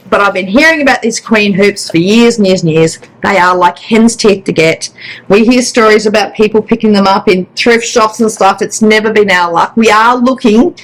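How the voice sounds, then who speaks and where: A woman's voice: mid-range voice, rough recording. A woman hosting a casual stitching vlog, chatty and rambling with restarts. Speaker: flosstube host. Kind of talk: casual chat.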